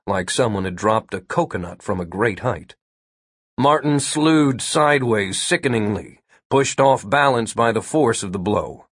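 A man narrating an audiobook in a lively, expressive storytelling manner. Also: lowish voice, no room sound, clean studio sound. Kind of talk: scripted narration.

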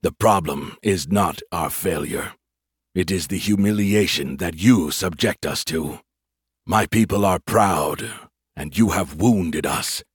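A man's voice: sits low, breathy edge, no room sound, studio quality, pitched below the performer's own voice, heavily acted. Admiral Zovenk, a man voicing a growling proud alien. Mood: proud, bitter. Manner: slow, heavy, defiant. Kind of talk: audiobook character voice.

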